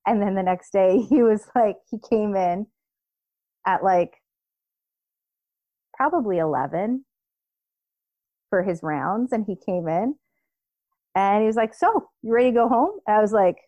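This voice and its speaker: A woman in her thirties telling a personal story in casual chat, animated, acting out what people said. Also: medium pitch, a little slow, long pauses, no room sound, dull audio. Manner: animated storytelling, acts out quoted voices, laughs. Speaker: podcast co-host.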